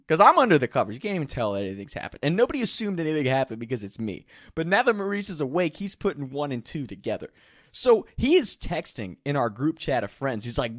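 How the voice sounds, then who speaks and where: A man tells a candid personal story in a casual, profane way, laughing along as he goes. His pitch swings widely from line to line, and the sound is dry and close with no room echo. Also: sing-song, quick pace.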